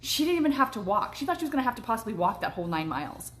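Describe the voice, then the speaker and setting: A woman livestreaming a casual story, animated, laughing often and swearing freely. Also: fairly high pitch, rapid-fire, slight background noise. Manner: eating while talking. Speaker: manifestation coach and vlogger.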